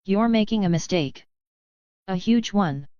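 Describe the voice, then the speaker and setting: A woman voicing a tense, hurt young man, a team leader who speaks slowly and deliberately. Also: medium pitch, animated, dark tone, clear, resonant tone, no echo, close to an everyday voice. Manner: slow, deliberate. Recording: dull, dry sound.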